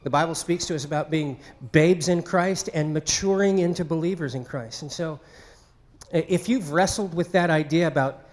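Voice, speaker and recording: A man's voice: on the high side, fairly quick, darkish tone. A man preaching a sermon in a conversational way, acting out quoted speech. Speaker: pastor.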